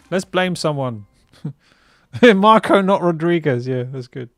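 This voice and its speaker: A man's voice: fairly high pitch, animated, measured pace, a bit bright, faint music behind. A man hosting a live stream in casual chat, rambling and laughing often, tagging lines with "right?" and "bruv". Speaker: streamer host.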